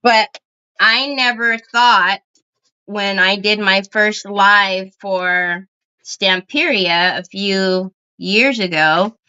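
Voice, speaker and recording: A woman's voice: mid-range voice, fairly even intonation, extremely slow, pushed and bright, clean tone. A middle-aged woman hosting a crafting live stream, chatting casually and directly to her viewers. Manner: chatty, talks straight to viewers. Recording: slightly dull lo-fi stream audio.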